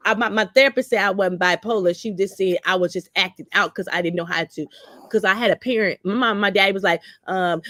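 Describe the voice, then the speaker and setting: In a dry, clean studio recording, a woman's mid-range, fairly bright voice runs a little fast. As a talk show host she tells candid personal stories with blunt, salty animation, slipping into the voices of those she quotes.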